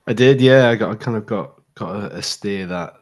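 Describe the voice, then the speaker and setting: A man with a lowish voice tells a story on a casual podcast. He is animated and acts out what people said. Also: moderate pace. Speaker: podcast co-host.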